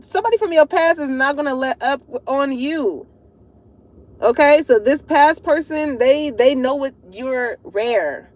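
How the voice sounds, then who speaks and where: A woman giving a casual tarot reading to her viewers, animated and slangy, laughing often. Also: sits high. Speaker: tarot reader.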